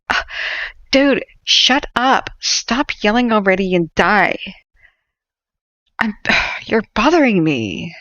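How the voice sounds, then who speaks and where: A woman's voice: fairly low pitch, creaky, a bit bright, dry recording. A woman hosting a casual livestream, talking in an opinionated, rambling way with many fillers and restarts. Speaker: host. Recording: dull lo-fi audio.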